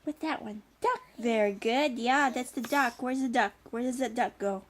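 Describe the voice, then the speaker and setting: A woman's voice: a little high, moderate pace. A woman speaking to a small child as a parent, coaxing and praising in a sing-song way while going through a picture book.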